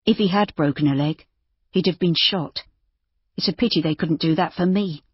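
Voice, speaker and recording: A woman's voice: on the low side, husky, no room sound, lo-fi sound. A woman doing a bitter, despairing young man. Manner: slow, flat and weary.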